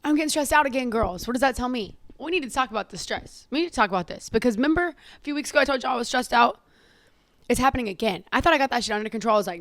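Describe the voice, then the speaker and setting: Sassy, tired, slightly hoarse woman host. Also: on the high side, racing, a bit bright, dry recording, clean studio sound. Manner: sassy, profane, laughs often, talks to listeners as "girl" and "queen". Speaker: podcast host. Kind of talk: casual solo podcast chat.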